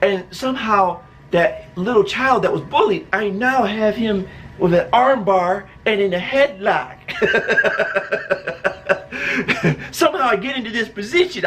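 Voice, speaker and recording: A man's voice: high voice, fairly bright tone, a little hiss or hum. A man casually telling a personal story, laughing often and acting out other people's voices.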